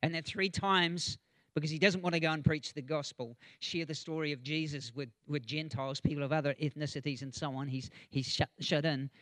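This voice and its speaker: A man's voice: a little high, fairly even intonation, brisk, fairly bright tone, no room sound, clean studio sound. A man preaching a conversational sermon, with chatty asides, chuckles and frequent ums.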